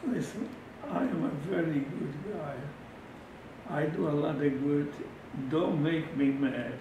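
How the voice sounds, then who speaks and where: Older guy telling old war stories, acts out all the voices, echoey room with lots of noise. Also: fairly high pitch. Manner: animated storytelling, acting out quoted exchanges in a raised voice, halting restarts. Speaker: interviewee recounting wartime memories. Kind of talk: oral history testimony. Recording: echoey room, distant mic, background noise.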